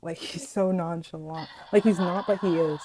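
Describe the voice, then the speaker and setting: A young woman vlogger telling a story from school in an animated, dramatic way, acting out what people said. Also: on the low side, moderate pace, noisy background. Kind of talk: casual storytime vlog.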